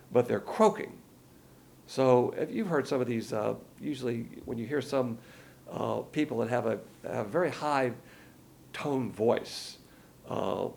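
A man's voice: medium pitch, gravelly, a little mellow, slight background noise. A man giving a folksy, rambling verse-by-verse Bible lesson, with many fillers along the way. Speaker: Bible teacher.

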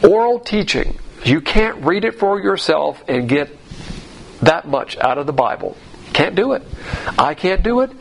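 A man's voice: on the high side, vocal fry, a little hiss or hum. A man teaching Bible doctrine as a pastor, blunt and combative, mocking other churches as he goes.

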